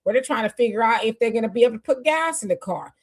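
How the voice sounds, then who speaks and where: A woman in her fifties hosts a casual live stream. She talks in a relaxed, conversational way, fairly high-pitched, and reads viewer comments aloud. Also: fast. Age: 50s. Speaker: host.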